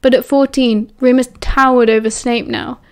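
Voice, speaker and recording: A woman with a British accent reads a novel aloud in a steady, expressive audiobook style. Her voice sits a little high for a woman. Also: moderate pace, clean tone. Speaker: audiobook narrator. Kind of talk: audiobook narration.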